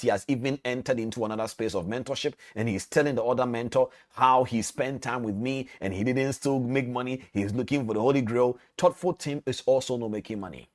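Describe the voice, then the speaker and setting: A man teaching as a trading mentor, telling a parable and speaking directly to his listeners. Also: medium pitch. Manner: animated storytelling, direct to listeners. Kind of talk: storytelling lesson.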